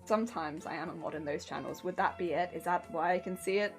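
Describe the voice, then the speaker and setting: A woman's voice: fairly low pitch, quick pace, faint music behind. A woman streamer chatting casually while sewing, bubbly and rambling, laughing often.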